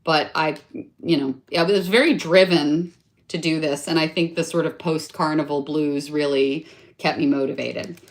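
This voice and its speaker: In her casual craft vlog, this young woman speaks in a low voice with fairly even intonation at a moderate pace. Showing off her project, she chats and rambles, fixes her sentences partway through, and cheerfully pokes fun at how detailed she gets.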